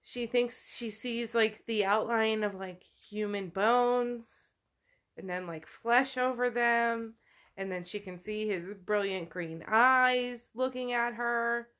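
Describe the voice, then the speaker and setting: A woman's voice: on the high side, slow pace, fairly bright tone. A woman podcast host casually retelling a novel chapter by chapter, peppering her speech with "like". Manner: chatty, peppered with "like".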